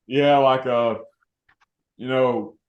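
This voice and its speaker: A man hosting a podcast, chatting casually about a film in a relaxed, rambling way and laughing often. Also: mid-range voice, very slow, echoey room, muffled recording. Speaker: podcast host.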